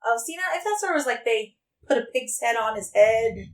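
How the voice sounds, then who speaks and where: A woman co-hosting a podcast, telling a story in casual, animated chat and swearing freely. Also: a little high. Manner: animated, swearing, quick banter. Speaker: podcast co-host.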